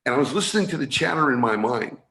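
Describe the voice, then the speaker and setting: A man's voice: medium pitch, lively intonation, quick pace, a bit bright. A man from San Francisco, a guest on a video call, earnestly explaining his training and often restarting his phrases. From San Francisco, USA. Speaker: guest, energy awareness trainer. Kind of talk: explanatory interview talk. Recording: roomy video call audio.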